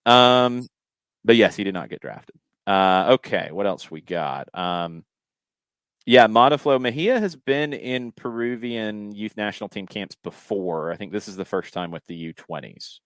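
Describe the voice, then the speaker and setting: A man's voice: on the low side, unhurried, fairly bright tone, no echo. A man hosting a casual soccer podcast, reading out listener questions and thinking aloud with frequent restarts and fillers. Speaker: podcast host.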